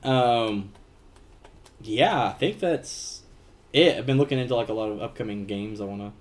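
A man's voice: mid-range voice, moderate pace. A young man co-hosting a casual group chat, rambling and swearing freely as he acts out quotes from what he watched. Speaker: podcast co-host.

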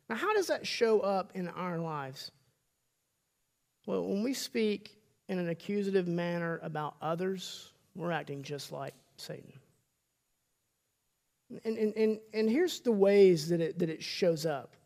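A man's voice: sits high, lively intonation, measured pace, a little mellow. A middle-aged man preaching a sermon as pastor, emphatic, with stammered restarts and quoted voices acted out.

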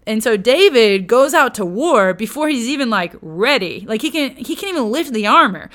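A woman's voice: fairly high pitch, moderate pace. Woman giving a casual, slangy Bible lesson. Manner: conversational and slangy, lively retellings. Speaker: Bible teacher.

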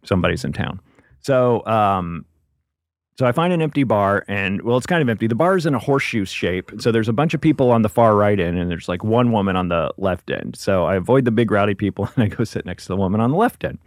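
A man's voice: fairly low pitch, expressive, quick pace, dry recording, clean studio sound. Rambling man telling a story. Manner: rambling, laughs through his story, acts out voices. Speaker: comedian guest. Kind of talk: casual storytelling.

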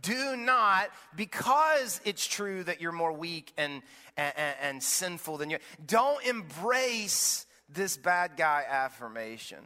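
A man's voice: sits high, sing-song, slow pace, sharp tone, in a large hall. A man in his thirties, a pastor, preaching a sermon in a conversational storytelling way, often restarting his phrases. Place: church auditorium.

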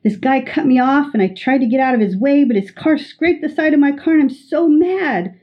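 A woman's voice: high-pitched, lively intonation, a little fast, muffled recording, pitched above the performer's own voice. A woman voicing a flustered adult woman, agitated and indignant after someone scraped her car. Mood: upset.

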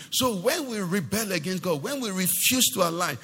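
Male pastor, high voice, swings a lot in pitch, long echo of a church hall. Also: normal speed, hardly any pauses, husky. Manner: animated preaching with rhetorical questions to the congregation. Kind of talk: sermon.

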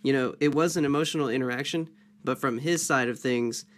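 A man taking part in a Bible study. He reads scripture aloud and talks it through casually, dropping fillers like "you know" and "um". His pitch is middling. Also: fairly quick, a bit bright. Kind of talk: scripture reading and discussion.

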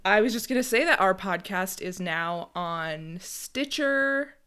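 A young woman co-hosting a casual podcast chat, wry and quick to laugh. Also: mid-range voice, expressive, bright, forceful tone, smooth. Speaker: podcast co-host.

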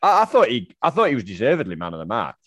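A man co-hosting a football podcast, animated as he recounts the match. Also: medium pitch, fast talker, dry recording. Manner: animated, recounts match moments, mimics the crowd. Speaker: podcast co-host. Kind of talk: casual football chat.

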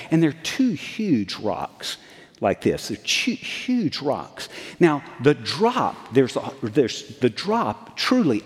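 A man in his sixties, a pastor preaching a sermon, telling a story in a folksy, animated way with frequent restarts. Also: mid-range voice. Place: church sanctuary. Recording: long hall reverb.

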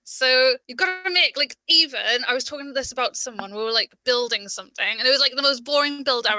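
Young Geordie woman, high bright voice, chatty, dry close mic. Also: fast, few pauses, no room sound. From Newcastle, England. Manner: chatty, lots of "like", lively and expressive. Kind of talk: casual chat.

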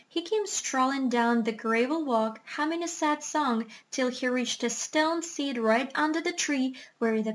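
A woman narrating a children's storybook in a clear, even manner. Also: high-pitched. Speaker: audiobook reader.

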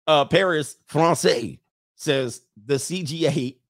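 A man's voice: on the high side, takes it slowly, no echo, clean studio sound. A man hosting a casual livestream, reading viewer messages, joking, laughing often and mimicking people.

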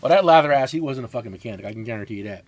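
A man in his forties co-hosting a casual podcast, telling loud, profane stories. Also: mid-range voice, animated, racing, no room sound. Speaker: podcast co-host, mechanic.

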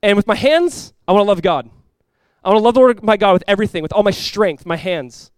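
A young man preaching a casual, energetic sermon, reading scripture aloud and chatting with plenty of filler words. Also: sits high, brisk, smooth, dry recording. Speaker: pastor.

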